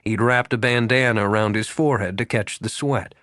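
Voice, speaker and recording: A man reading a romance audiobook aloud, with expressive storytelling. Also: lowish voice, fairly quick, no room sound, studio quality. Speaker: audiobook narrator. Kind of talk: scripted narration.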